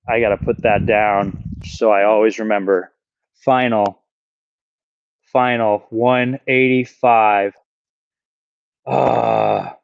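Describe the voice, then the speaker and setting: A man's voice: lowish voice, steady tone, takes it slowly, vocal fry, pauses often, dry recording, dull audio. A man live-streaming his backyard axe throwing, counting his throws aloud, swearing and talking to his chat. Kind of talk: live-stream commentary while throwing axes. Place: backyard outdoors.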